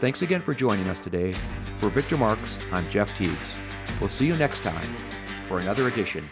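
Gravelly low-voiced male announcer. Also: music in the background. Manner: steady, measured reading. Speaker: radio show announcer. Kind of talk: scripted closing announcement and led prayer.

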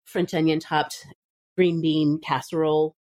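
A woman's voice: low voice, flat delivery, measured pace, darkish tone. A woman in her thirties hosting a podcast, chatting casually and laughing often. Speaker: podcast host. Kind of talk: casual chat.

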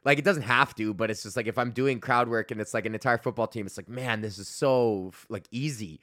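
A young man from Alberta talks through his week as a podcast host, loose and profane, breaking into laughs and trailing off mid-thought. His voice sits at an ordinary middle pitch for a man. The sound is dry and close, with no room around it. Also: brisk, bright, forceful tone, dry recording. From Alberta, Canada. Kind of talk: casual rambling monologue.

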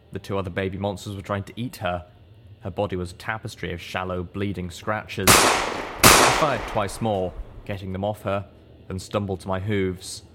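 A man narrating an audiobook in a measured, steady reading voice. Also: sits low, slight background noise. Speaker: audiobook reader.

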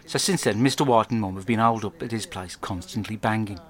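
Crude deadpan English man rambling. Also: lowish voice, fast. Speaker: podcast host. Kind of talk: comic diary monologue.

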